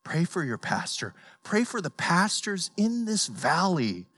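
A male pastor with a slightly high voice preaches an earnest sermon. He tells stories with playful sound effects and pleads with the congregation. The sound is dry and close. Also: very animated, unhurried, a bit bright, dry recording.

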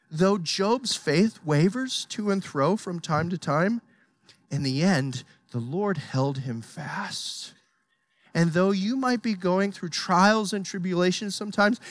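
A preacher giving an impassioned, emphatic sermon, swinging from hushed to loud. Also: mid-range voice.

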